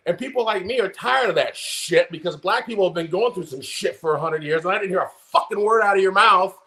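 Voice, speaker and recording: A man's voice: high-pitched, brisk, pushed and bright. A man in his forties with an American accent, co-hosting a podcast and ranting in a heated, profane, impassioned way about politics. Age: 40s. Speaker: podcast co-host.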